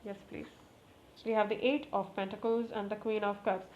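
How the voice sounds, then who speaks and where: A woman giving a casual tarot reading to camera, talking to the cards, repeating requests and exclaiming with excitement. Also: mid-range voice, normal speed. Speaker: tarot reader. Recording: slightly muffled, faint background noise.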